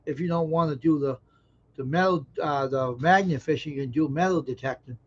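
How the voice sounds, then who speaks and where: A man's voice: a little high, a little fast. A man hosting a live stream, casually joking with viewers and reading their comments. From American South. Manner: folksy, joking, talks straight to chat viewers. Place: indoors at home. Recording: dull lo-fi stream audio.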